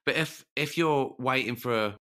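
A man co-hosting a podcast in casual conversation, asking animated questions and telling stories. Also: mid-range voice, moderate pace. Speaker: podcast co-host.

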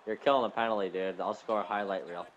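A young man playing a hockey video game with a friend, trading excited play calls, laughing and shouting. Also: low-pitched, fast talker, very noisy. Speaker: gamer. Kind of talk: casual game commentary. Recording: dull lo-fi recording.

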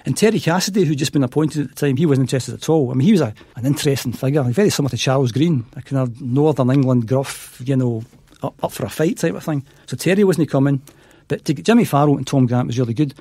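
A man's voice: medium pitch, fast, warm tone, husky, no room sound. A middle-aged Scottish man, a podcast guest, telling stories and acting out the dialogue in them. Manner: acts out quoted dialogue in his stories. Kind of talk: anecdotal storytelling.

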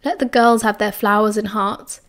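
A woman playing a reserved teenage boy, firm and dry, a touch louder than the narration. He talks in a plain, no-nonsense storybook voice. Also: mid-range voice, fairly even intonation, moderate pace, natural voice.

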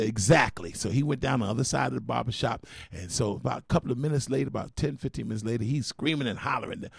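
A man's voice: medium pitch, vocal fry, a little mellow, breathy edge, no room sound, clean studio sound. A man who is a bishop preaching a storytelling sermon on gospel radio, with a folksy, dramatic style. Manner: folksy, dramatic preaching with repeated call-outs.

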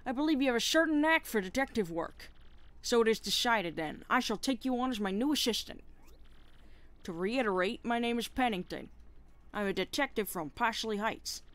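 A woman's voice: fairly high pitch, voice pushed up, close to an everyday voice. A woman voicing a pompous, self-assured male penguin detective who speaks in a formal, theatrical way.

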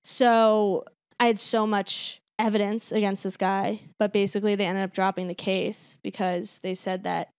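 A woman comedian recounts a story as a podcast guest, candid and detailed. Her voice sits in a middle pitch. The sound is close and dry. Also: flat delivery, normal speed, clear, resonant tone, dry recording. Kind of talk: casual podcast chat.

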